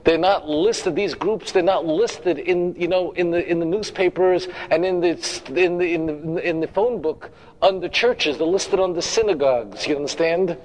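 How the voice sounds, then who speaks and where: Man, rabbi, lecturing a congregation; emphatic, repeats lines, quips to the crowd, slightly raised pitch. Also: normal speed, a little mellow, rough recording. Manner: emphatic, repeats phrases for effect; humorous asides, direct questions to audience. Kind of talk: sermon-style lecture.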